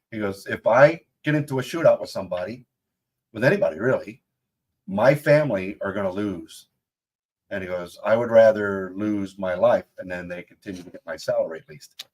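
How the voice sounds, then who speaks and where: A man with a fairly low voice hosting a relaxed interview. He tells stories in a chatty, animated way and turns them into questions for his guest. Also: moderate pace. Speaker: host. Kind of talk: casual interview.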